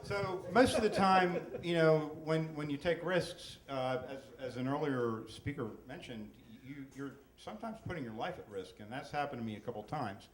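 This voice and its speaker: A man's voice: a little high, moderate pace, few pauses. Older man telling a story on stage. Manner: chatty, frequent stammered restarts. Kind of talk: live personal storytelling. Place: stage in a room with an audience. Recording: echoey live room, faint noise.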